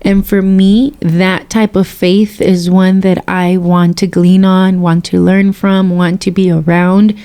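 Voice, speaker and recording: Woman with a low, warm voice. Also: level tone, clean tone. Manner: earnest and reflective, quick bursts of speech. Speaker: podcast panelist. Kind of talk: casual faith discussion.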